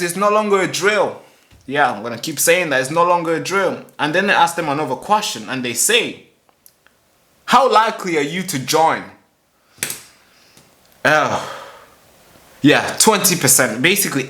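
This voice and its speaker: A man's voice: a little high, pushed and bright. A man hosting a solo commentary show, talking emphatically, repeating himself with many fillers and restarts. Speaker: host.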